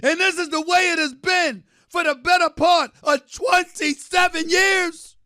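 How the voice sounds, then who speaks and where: High, bright-voiced man ranting loudly. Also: fairly even intonation, dry recording, clean studio sound. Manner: emphatic, theatrical, often shouting; drawn-out repetition for effect. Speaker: sports debate host. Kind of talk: impassioned sports talk rant.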